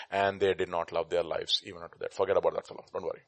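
A man preaching an animated sermon, acting out scenes and shifting between loud outbursts and quiet asides. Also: sits low, quick pace, no room sound. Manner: dramatic, acts out scenes with shouted voices.

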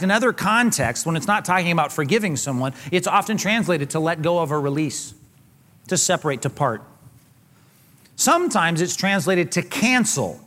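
A pastor preaching a sermon, retelling scripture conversationally with casual slang. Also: male voice, high-pitched, fairly bright tone. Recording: long hall reverb.

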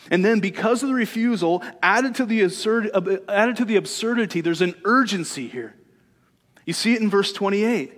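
A man preaching a sermon, with a voice that sits a little high for a man. He keeps it conversational and leans on rhetorical questions. The sound carries a long hall reverb. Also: expressive, normal speed, a bit bright. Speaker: pastor.

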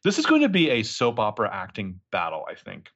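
Co-hosting a casual podcast, a man recaps a TV episode, speaking a little fast through lo-fi sound. He's animated, acting out the characters' lines with big jumps in pitch.

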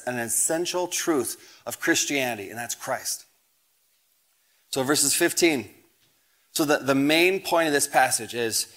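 A pastor in his thirties preaches a sermon, reading scripture aloud and telling family anecdotes with rising emphasis. His voice is fairly high and a bit bright.

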